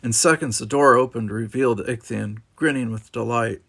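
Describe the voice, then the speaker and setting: Gravelly-voiced man reading a novel aloud. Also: medium pitch, fairly quick, a bit bright. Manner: wry, casual asides. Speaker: audiobook narrator.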